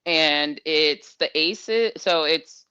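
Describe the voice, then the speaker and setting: A woman's voice: low voice, drawn-out words, pushed and bright, clean tone, no room sound, lo-fi sound. A woman co-hosting a casual basketball talk show, conversational and teasing, thinking aloud with fillers as she weighs a player. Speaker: podcast co-host. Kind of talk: casual sports chat.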